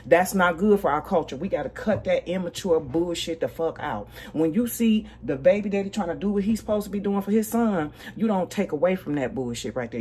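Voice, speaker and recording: A woman in her forties giving a blunt, profane livestream commentary rant, emphatic, with loud bursts and low asides. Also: slight background noise. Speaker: livestream host.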